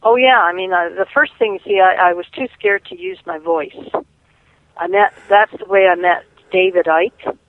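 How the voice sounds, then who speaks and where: A woman's voice: mid-range voice, fairly even intonation, moderate pace. Woman caller, rambling storyteller, phone-line audio. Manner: rambling storyteller, many restarts. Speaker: caller and guest. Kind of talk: casual phone interview.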